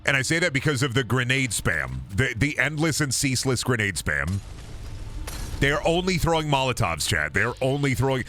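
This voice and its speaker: A man's voice: mid-range voice, expressive, normal speed, bright, forceful tone, slight background noise. A man streaming a game, rambling and joking crudely with lots of swearing. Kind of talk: casual gaming stream chatter.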